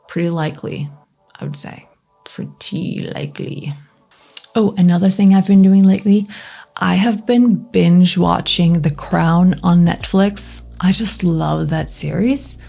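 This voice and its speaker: A young Norwegian woman with a Norwegian accent chats candidly to camera, sometimes dropping into soft whispers. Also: fairly low pitch, gravelly. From Norway. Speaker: vlogger. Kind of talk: casual chat to camera.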